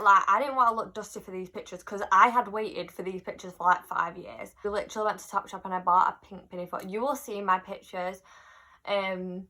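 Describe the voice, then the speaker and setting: In a chatty vlog, a young woman with a mid-range voice talks fairly quickly, animatedly recounting a personal story and imitating what others said.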